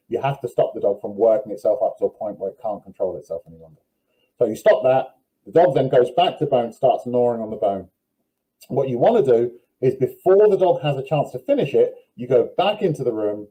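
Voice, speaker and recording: A man talks through training advice in a firm, instructive way, with no fuss in his delivery. His voice is very dark and mellow, sitting in a middle pitch. He comes across a video call. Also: poor audio. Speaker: dog trainer. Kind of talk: advice in a live Q&A.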